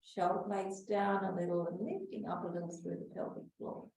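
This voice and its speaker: A calm female exercise instructor leads a guided breathing and back-care class, cueing breaths slowly and dropping into soft whispers at times. Her voice is lowish and comes from far off the mic in an echoey room, with a little hiss or hum.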